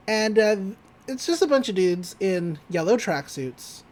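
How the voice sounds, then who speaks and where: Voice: medium pitch, big pitch swings, a little slow, darkish tone. Rambling, profane podcast co-host. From Texas. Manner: rambling, profane, laughs often. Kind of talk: casual episode recap.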